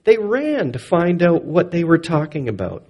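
A man preaching a sermon, expressive, swinging between loud and soft for emphasis. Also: a little high, moderate pace, breathy edge.

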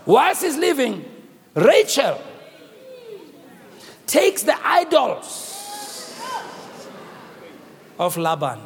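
A man with a South African accent preaching a sermon and telling the story dramatically, swinging from shouts to hushed tones. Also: very high voice, gravelly, husky. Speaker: bishop preaching. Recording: long reverb of a church hall.

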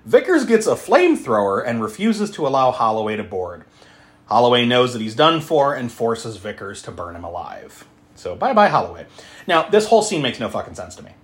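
A man hosting a podcast, recapping a film in casual chat, animated, laughing and swearing as he acts out the characters. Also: mid-range voice, fairly quick. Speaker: podcast host.

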